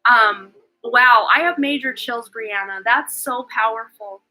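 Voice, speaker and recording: Speaking at a measured pace, a tarot reader hosting a livestream chats effusively, peppering her speech with "like" and "um." Her pitch is fairly high and her tone sharp, heard through a low-quality recording.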